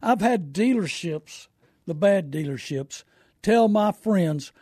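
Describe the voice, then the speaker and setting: A man's voice: high voice, animated, takes it slowly, mellow, husky, no room sound, studio quality. A man hosting a call-in radio show, talking in a folksy, preachy, down-to-earth way.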